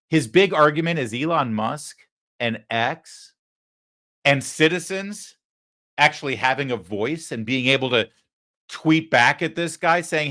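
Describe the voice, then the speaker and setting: A man's voice: medium pitch, bright, forceful tone. Sarcastic male commentary host. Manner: sarcastic, mocking. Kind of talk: political commentary show.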